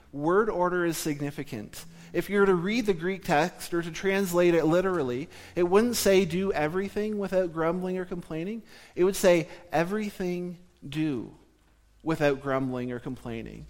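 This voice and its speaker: A man from southern Ontario delivers a sermon in a measured, explanatory way. His voice sits a little high for a man, and he slows down to press home his main points. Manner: measured teaching tone, slowing for emphasis. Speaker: preacher.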